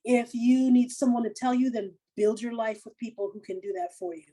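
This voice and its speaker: A middle-aged woman, a comedian and laughter yoga teacher, giving casual animated advice full of quoted asides. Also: on the high side, a little fast, low-quality recording.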